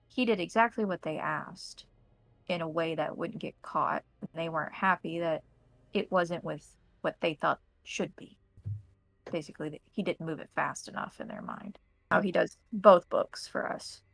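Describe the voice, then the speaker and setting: An American woman voices a polite, businesslike nightclub owner, speaking quietly and plainly in a tabletop game. The voice sits low with a gravelly fry. It is dry, with no room sound. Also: moderate pace, no echo, exaggerated voice, low-quality recording. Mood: measured.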